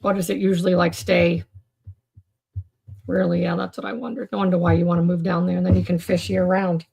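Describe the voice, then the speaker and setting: A woman with a gravelly, fry-laden voice sits low in her register as she hosts a relaxed live stream from home. She drifts between thoughts, starts sentences over and leans on filler words while answering her viewers. Her talk is loose and conversational throughout. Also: brisk. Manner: rambling, with many fillers and restarts; chats with viewers in the comments. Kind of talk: casual live chat on mental health.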